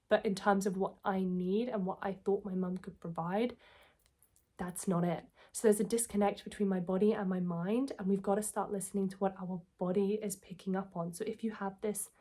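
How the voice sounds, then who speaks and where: A woman's voice: medium pitch, mellow. A woman, telling a personal story and giving self-help advice in a candid, reflective, earnest way.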